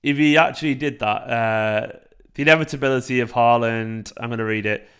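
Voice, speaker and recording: Thirty-something guy streaming, chatty and excitable, swears a lot, mid pitched voice. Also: a little fast, smooth. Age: 30s. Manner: excitable, swearing, laughing, reacting to chat. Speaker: fan channel livestream host. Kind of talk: casual livestream chat.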